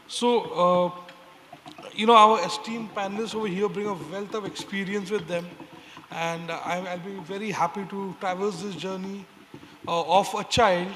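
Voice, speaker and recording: A man moderating a conference panel, introducing the speakers in a measured, formal way with frequent hesitations. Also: high voice, fairly bright tone. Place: conference stage. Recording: reverberant hall with faint noise.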